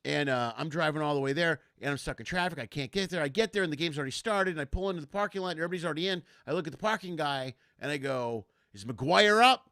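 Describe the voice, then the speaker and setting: Chatty bright-voiced man telling stories. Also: a little high, racing, hardly any pauses, no room sound, clean studio sound. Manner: rambling storyteller, animated, acts out quotes. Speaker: host. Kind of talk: casual comedy podcast chat.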